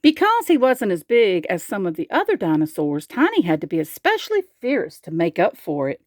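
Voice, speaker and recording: A woman reading a picture book aloud, slow and expressive, asking the listener questions. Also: mid-range voice, dry recording, studio quality. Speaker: storyteller.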